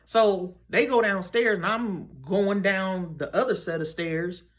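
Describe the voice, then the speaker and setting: A woman's voice: mid-range voice, slow pace. Chatty young woman telling a dream story. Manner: animated, chatty storytelling full of "like" and restarts; acts out her own and others' lines in quotes. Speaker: vlogger.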